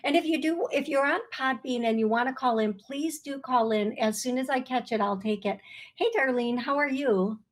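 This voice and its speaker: A woman hosts a call-in psychic medium radio show, speaking in a high voice at a moderate pace. She comes across as searching and earnest, and often apologetic.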